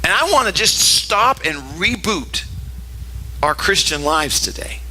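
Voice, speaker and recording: Animated older male pastor, bright high voice. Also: measured pace, slight background noise, low-quality recording. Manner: animated storytelling, acting out characters in high voices. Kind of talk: sermon.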